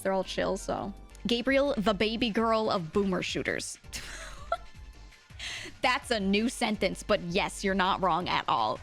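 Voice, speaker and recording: A woman streamer in casual chat who talks in a gushing, excitable, giggly way. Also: medium pitch, gravelly.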